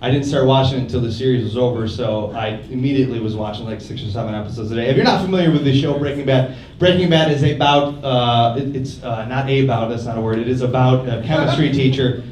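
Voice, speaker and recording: A young man doing a stand-up set in a comedy club, deadpan with quiet mumbled asides. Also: mid-range voice, fast talker, few pauses. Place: comedy club stage, live audience. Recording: roomy club audio from a distance, loud noise.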